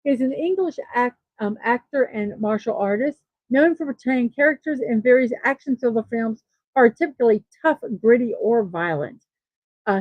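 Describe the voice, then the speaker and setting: A woman's voice: fairly high pitch, no room sound, dull audio. A woman hosting a daily morning show, chatting casually and reading off birthday lists with self-deprecating asides. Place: East Coast of the United States.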